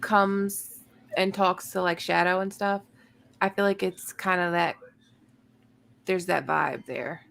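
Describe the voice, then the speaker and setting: A woman's voice: lowish voice, steady tone, slow pace, gravelly, long pauses, fairly bright tone, slight background noise. A woman co-hosting a casual live after-show chat, firing off questions and restarting her thoughts often. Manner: tumbling questions, stops and restarts mid-thought. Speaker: co-host.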